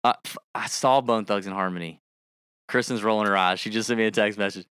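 A man's voice: on the low side, fairly quick, smooth, no echo, clean studio sound. A man co-hosting a casual podcast, reading an ad and joking around with his co-host, bursting into song impressions. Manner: animated, breaks into rapping and song impressions. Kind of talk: casual podcast chat with ad read.

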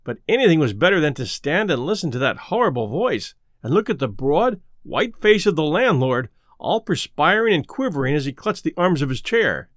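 Lively male storyteller, dry sound. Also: fairly high pitch, normal speed, hardly any pauses, no room sound. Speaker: narrator. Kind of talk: audiobook narration.

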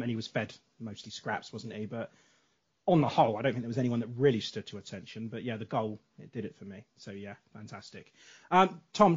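A man co-hosts a relaxed podcast conversation and guides it from topic to topic. His voice is husky and breathy, and the audio sounds slightly muffled and lo-fi. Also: mid-range voice. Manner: leads the talk and steers the questions. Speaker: podcast co-host. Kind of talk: casual podcast chat.

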